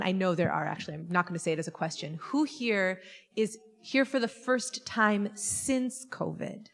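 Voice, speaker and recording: A woman's voice: mid-range voice, big-room sound. A woman rabbi leading a Shabbat service, chatty and playful as she talks with the congregation. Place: synagogue sanctuary.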